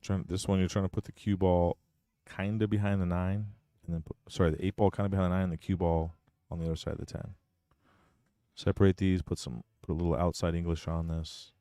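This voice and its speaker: A man's voice: sits low, flat delivery, fairly quick, mellow, no room sound. A man commentating a pool match, blunt and opinionated, explaining each shot step by step. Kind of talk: live sports commentary.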